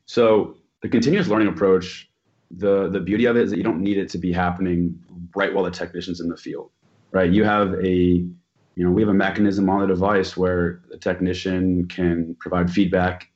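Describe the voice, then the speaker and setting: Deep, flat-toned man explaining tech. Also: moderate pace, muffled recording. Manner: explanatory, frequent "um" and "you know". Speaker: expert guest. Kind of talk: technical explanation.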